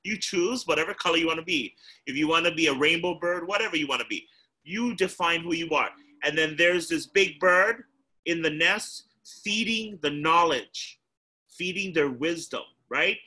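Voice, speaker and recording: A man from Hawaii with a bright, slightly high voice speaks to a group of children over a video call. He is an animated storyteller who acts out his younger self, and his tone swings from loud to hushed as he talks. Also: moderate pace. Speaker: guest speaker. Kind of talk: motivational talk to children.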